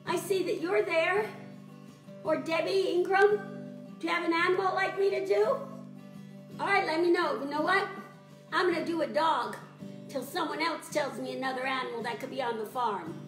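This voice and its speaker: A woman teaching children's music in a live-streamed sing-along, animated and chatty, greeting viewers by name. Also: very high-pitched, moderate pace, pauses often, echoey room.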